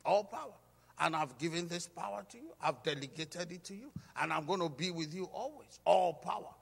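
A pastor preaching a sermon with emphatic call-and-response, urging the congregation to repeat after him. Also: male voice, a little high, sing-song, brisk, gravelly, a bit bright, breathy edge. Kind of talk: sermon teaching. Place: church hall. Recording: hall reverb.

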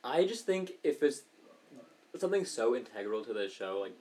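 A woman's voice: a bass voice, big pitch swings, a little mellow, slight background noise. A woman co-hosting a podcast, chatting casually about a reality show with dry, joking asides. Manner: fast, wry, joking asides. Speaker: podcast co-host.

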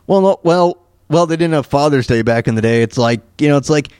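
A man's voice: on the high side, fairly quick, a little mellow, smooth, no echo, studio quality. A man hosting a podcast, riffing in a rambling, joking way that is full of repeated words and restarts. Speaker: podcast host. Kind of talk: casual comedic commentary.

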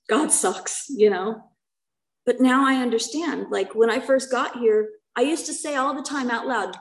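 A middle-aged woman sharing her own story as a recovery meeting speaker. Her voice sits a little high, and her delivery is earnest and conversational, often checking in with a quick "right?". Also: rough recording. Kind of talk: personal testimony.

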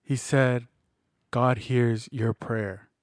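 Guy in his 30s, earnest reflective chat, mid pitch, dry close mic. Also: fairly even intonation, drawn-out words, no echo. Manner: reflective, earnest, retells conversations in quoted voices. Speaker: podcast co-host. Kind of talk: casual faith conversation.

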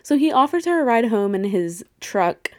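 A woman's voice: on the high side, very animated, normal speed, a little mellow, dry recording, studio quality. A woman in her thirties co-hosting a podcast, casually recapping a movie with frequent laughs, swearing and acted-out quotes. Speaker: podcast co-host. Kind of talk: casual movie rewatch chat.

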